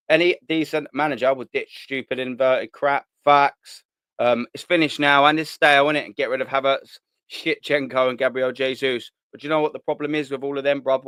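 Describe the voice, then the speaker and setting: A man's voice: medium pitch, fairly bright tone, no room sound. A man hosting a casual live stream, reading out viewer comments in a blunt, slangy, sweary way with frequent laughter. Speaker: host of a live fan channel.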